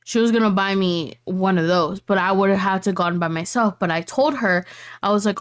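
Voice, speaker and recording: A young woman co-hosting a podcast, telling stories in an animated, gossipy way with plenty of swearing. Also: mid-range voice, moderate pace. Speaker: podcast co-host. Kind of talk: casual chat.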